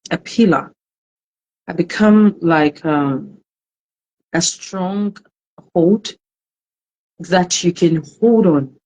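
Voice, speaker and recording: Slow-talking woman hosting a live stream. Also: lowish voice, rough recording. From Ghana. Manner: slow, warm greetings to viewers, emotional. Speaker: host of a live-streamed talk show. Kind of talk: casual live-stream chat.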